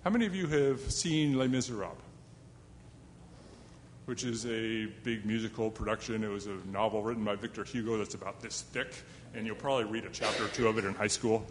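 A man's voice: lowish voice, a little fast, in a large hall, a little hiss or hum. A man telling a fable to a young live audience in a chatty, self-deprecating way, with asides to his listeners. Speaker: storyteller.

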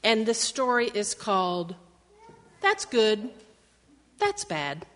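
In a classroom, a female teacher reads a picture book aloud to children, narrating with animation and performing the sound effects herself. Her voice sits on the high side, she goes slowly, and the room leaves a long reverb tail.

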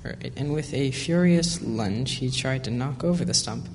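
A man's voice: mid-range voice, moderate pace. A man reading a children's story aloud, taking turns with another reader, with brief asides. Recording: echoey hall, faint noise.

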